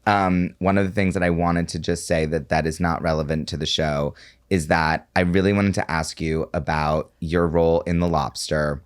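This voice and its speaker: A man's voice: low-pitched, steady tone, normal speed, smooth. A man co-hosting a podcast, chatting eagerly with lots of "like" fillers. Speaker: podcast co-host. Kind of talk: casual podcast chat.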